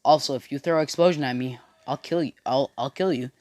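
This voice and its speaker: A young narrator quoting a cold, menacing teenage boy gone bad, delivered in a flat, threatening tone. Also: medium pitch, quick pace, a little hiss or hum, close to an everyday voice. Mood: cold threat.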